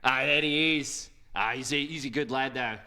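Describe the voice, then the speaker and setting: A man's voice: mid-range voice, normal speed, sharp tone. A man co-casting StarCraft in an exaggerated put-on Australian accent, rowdy and full of swearing. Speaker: esports co-caster. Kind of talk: StarCraft play-by-play commentary.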